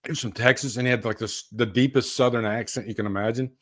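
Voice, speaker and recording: A man's voice: medium pitch, fairly even intonation, quick pace. A man hosting a live horror news stream, chatting casually and laughing often. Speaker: podcast host.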